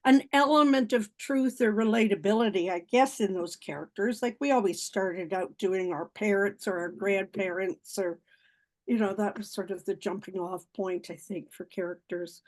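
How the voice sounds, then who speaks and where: A woman's voice: medium pitch, moderate pace. An older woman, a guest comedian, looking back on her career in a gracious, modest and reflective way during a podcast interview.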